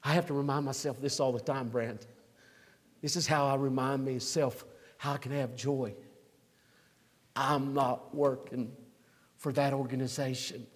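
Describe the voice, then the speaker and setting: A man in his sixties preaching a sermon, swinging from near-shouts to quiet asides. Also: medium pitch, steady tone, measured pace, pauses often, long reverb tail. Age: 60s. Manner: emphatic, rising to near-shouts then dropping to a conversational aside. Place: church.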